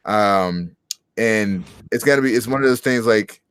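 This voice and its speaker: A man with a lowish voice talks through a horror film scene by scene in relaxed, loose conversation. He jumps into quick impressions of the characters. The recording is dry and close. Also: clean tone, dry recording. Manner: loose storytelling, acts out quotes. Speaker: podcast co-host. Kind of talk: casual movie review chat.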